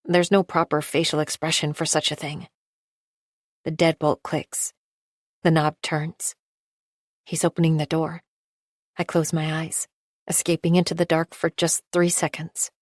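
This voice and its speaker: A woman reading a first-person novel aloud in a measured, precise, detached way. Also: low-pitched, little pitch movement, no echo, clean studio sound. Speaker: audiobook narrator. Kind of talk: first-person scripted narration.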